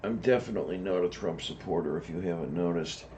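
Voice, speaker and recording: A man co-hosting a casual chat, relaxed and rambling, with dry asides. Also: deep voice, quick pace. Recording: dull lo-fi sound with faint noise.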